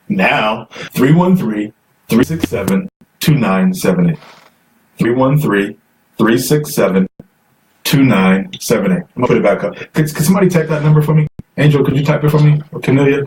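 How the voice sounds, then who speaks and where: A man's voice: mid-range voice, a little mellow. A man hosting a live call-in stream, chatty and coaxing viewers to phone in while reading comments aloud. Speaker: host. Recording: distant mic, faint noise.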